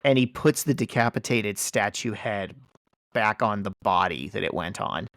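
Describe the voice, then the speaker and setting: Man excitedly retelling a story, dry sound. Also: on the low side, normal speed, no echo. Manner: animated storytelling with many fillers. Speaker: podcast host. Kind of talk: casual chat recapping a comic.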